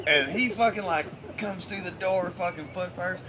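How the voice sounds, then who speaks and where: A man's voice: high-pitched, normal speed, crowd noise. A man casually telling a story to friends, swearing constantly in a laid-back drawl.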